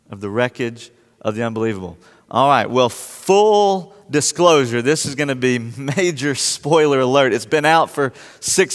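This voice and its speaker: A man telling a personal story to a live audience and acting out his own reactions in a lively, anecdotal way. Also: a little high. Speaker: speaker addressing a live audience. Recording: long hall reverb.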